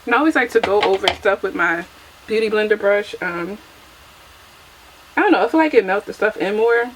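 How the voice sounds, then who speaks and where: A woman's voice: mid-range voice, expressive, fairly quick, rough recording. A young adult woman chatting casually through a get-ready-with-me makeup vlog, chatty and self-deprecating, laughing often, recorded on a camera mic at home. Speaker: beauty vlogger.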